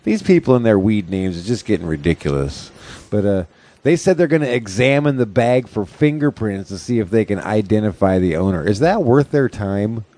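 A man's voice: on the low side, big pitch swings, normal speed, hardly any pauses, dark tone. A man hosting a casual comedy podcast, crude and joking, laughing often as he talks. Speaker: podcast host and stand-up comic.

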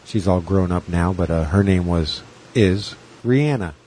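A man's voice: low voice, level tone, measured pace, mellow, husky. A man in his forties co-hosting a podcast, rambling and joking in casual chat. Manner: rambling, jokey, drifts into sing-song bits. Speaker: podcast co-host.

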